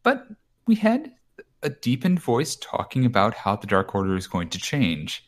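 On a casual wrestling recap podcast, a male co-host with a mid-range voice rambles through the show, swearing freely and paraphrasing promos. His pitch swoops wildly while he talks at a normal speed.

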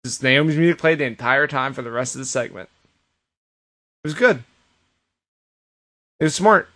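A man's voice: medium pitch, normal speed, a bit bright. A man co-hosting a podcast, recapping wrestling shows in casual chat and storytelling with quoted asides and frequent restarts. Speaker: podcast co-host.

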